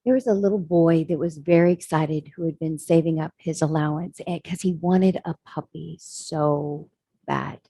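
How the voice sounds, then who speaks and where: Earnest woman sermon storyteller, lowish and husky. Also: steady tone, moderate pace, warm tone, no echo. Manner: earnest, reflective. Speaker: speaker.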